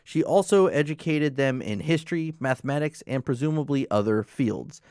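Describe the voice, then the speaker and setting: A man's voice: medium pitch, expressive, normal speed, darkish tone, no room sound, studio quality. A man co-hosting a casual gaming podcast, reading out lore entries and then commenting on them. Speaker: podcast co-host.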